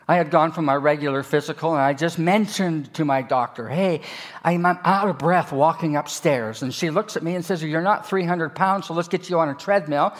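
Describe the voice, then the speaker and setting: High-voiced older man preaching with humor. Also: a bit bright. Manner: folksy, joking, emphatic. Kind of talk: sermon with personal stories.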